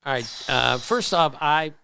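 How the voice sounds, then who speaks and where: An older man from Maryland, a podcast host answering audience questions with animated, self-amused anecdotes. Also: on the high side, unhurried, vocal fry, clear, resonant tone. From Maryland, USA. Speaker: podcast host, baseball writer. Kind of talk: storytelling in a live Q&A.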